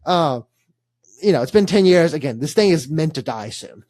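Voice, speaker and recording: Young guy, co-host, slightly high voice, dry close sound, chatty storyteller. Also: expressive, normal speed, darkish tone, dry recording. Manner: rambling storyteller with laughs and fillers. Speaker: podcast co-host. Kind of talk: casual sports podcast chat.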